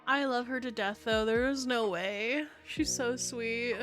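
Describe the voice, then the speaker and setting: A woman VTuber chats casually while streaming from her home room, her cat nearby, into a desk streaming mic. Her voice is fairly high, a little slow and a bit bright, with faint music in the background. She rambles, full of fillers and restarts.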